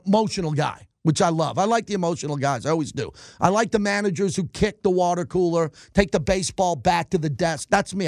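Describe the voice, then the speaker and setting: Middle-aged male sports host, high voice, dry close sound, emphatic ranting delivery. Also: dry recording. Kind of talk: opinionated sports talk monologue.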